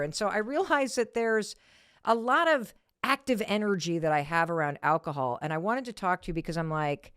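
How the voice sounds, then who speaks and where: A middle-aged woman hosts a loose, candid conversation, poking fun at herself and cursing without a second thought. Her voice sits a little low and sounds smooth and clear, with a dry, close sound. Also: animated, brisk, a bit bright, dry recording. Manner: candid, self-deprecating, swears freely. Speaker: podcast host. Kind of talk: casual conversation.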